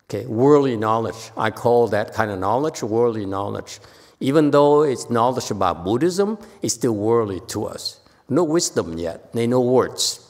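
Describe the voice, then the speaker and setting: A Buddhist monk gives an informal sutra lecture in a temple lecture hall, animatedly telling stories and acting out the people in them. His mid-range voice moves at a moderate pace, echoing in the large hall.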